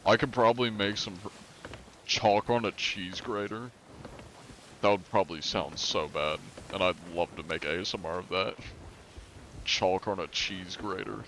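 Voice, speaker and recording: Young male game streamer, low gravelly voice, laid-back chat-reading, faint background hum. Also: measured pace, fairly bright tone. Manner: laid-back, reads chat aloud, laughs often. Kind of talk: casual live-stream chat.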